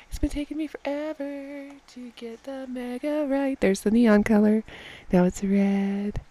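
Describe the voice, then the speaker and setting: A woman giving excited gameplay commentary at home at night, repeating phrases and often dropping to a hushed whisper so she won't wake others. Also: on the high side, a little slow, vocal fry. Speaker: game vlogger.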